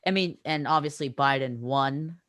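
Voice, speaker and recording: A man's voice: mid-range voice, normal speed, sharp tone, dry recording, studio quality. A teenage boy hosting a casual podcast chat, steering topics with many fillers. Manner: leads the talk, many fillers. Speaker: podcast host.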